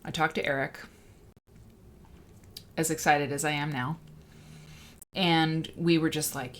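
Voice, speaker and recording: A woman hosting a casual livestream, rambling and excitable as she chats and reads out viewer comments. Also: deep voice, unhurried, pauses often, slight background noise. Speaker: livestream host.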